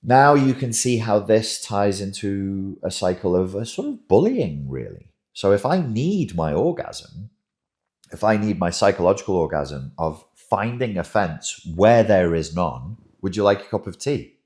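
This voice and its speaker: A man's voice: lowish voice, big pitch swings, unhurried, a little mellow. A man hosting a commentary monologue, emphatic and wry, who often repeats himself as he talks. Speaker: host, relationship commentator.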